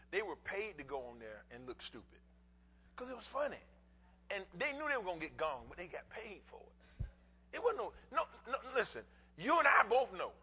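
A middle-aged male pastor preaching a sermon in folksy bursts, repeating words for emphasis and swinging from quiet asides to shouts. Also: high-pitched, a little hiss or hum, low-quality recording.

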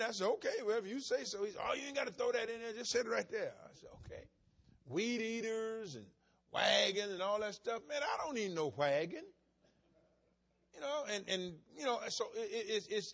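A man's voice: high-pitched, slightly rough. A male pastor preaching a sermon in a folksy, emphatic way, mixing plain storytelling with bursts of insistence.

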